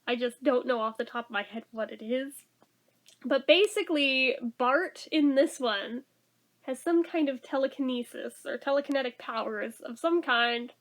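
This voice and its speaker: At a moderate pace and with a high-sitting voice, a woman gives an easygoing spoken review of a TV episode. She keeps chatting and laughing, saying "like" in nearly every sentence.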